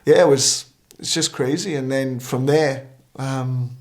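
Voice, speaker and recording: A man, a minister, telling a story as a talk-show guest, animated and acting out the lines of people in it. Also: mid-range voice, measured pace. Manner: animated, acting out quoted dialogue.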